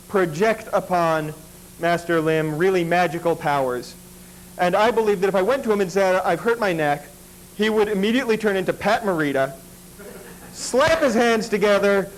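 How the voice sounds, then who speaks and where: A man with a fairly high voice tells a long personal story on stage. His delivery is dry and self-deprecating, and the jokes land without any push. A faint noise sits behind him. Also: poor audio. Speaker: stand-up storyteller. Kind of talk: stand-up comedy storytelling.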